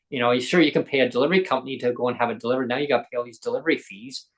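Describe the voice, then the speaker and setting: A man's voice: mid-range voice, very fast, vocal fry, rough recording. Earnest man hosting a podcast. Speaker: podcast host. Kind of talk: casual podcast chat.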